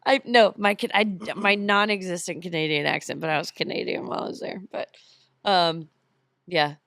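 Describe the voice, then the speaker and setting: A woman from the United States shares her travel stories on a podcast in a casual, animated way, laughing often as she goes. Her voice sits a little low, and the sound is close and dry. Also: moderate pace, creaky, no room sound. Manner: lively storyteller, laughs often. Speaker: podcast guest. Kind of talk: casual chat.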